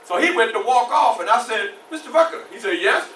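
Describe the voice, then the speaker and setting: A male reenactor playing a formerly enslaved man who recounts his youth in an animated one-man stage show, shouting at tense moments, in a library room. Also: very high-pitched, brisk, a little hiss or hum, pitched below the performer's own voice, heavily acted. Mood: wry. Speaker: historical reenactor. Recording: roomy library room, mic far off.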